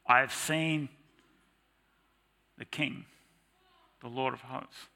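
A man's voice: medium pitch, steady tone, takes it slowly, creaky, pushed and bright. A man preaching a sermon in a church, speaking in an earnest, confessional way. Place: church with slides.

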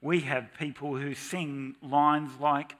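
Speaking a little high and taking his time, a middle-aged man gives a lively, theatrical sermon in church. Now and then he mock-shouts to make a point.

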